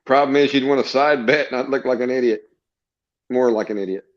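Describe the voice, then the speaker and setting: A man's voice: medium pitch, a little fast, dull audio. A middle-aged man with a Southern US accent, joking and teasing folksily in a casual late-night group chat. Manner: joking, self-deprecating, folksy. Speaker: chat participant.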